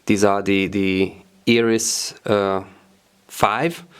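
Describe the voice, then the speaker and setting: Halting non-native man touring his gear. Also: fairly low pitch, level tone, smooth. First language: German. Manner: halting, many fillers and repeated words, searching for English terms. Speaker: drummer showing his gear. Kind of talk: casual gear tour.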